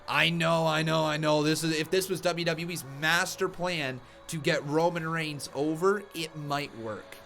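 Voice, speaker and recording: Brief: fired-up male stream host, slightly high voice, rants and riffs to chat. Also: unhurried, creaky, hardly any pauses. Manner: excitable, ranting, talks straight to chat. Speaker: wrestling live stream host. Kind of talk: live reaction stream commentary.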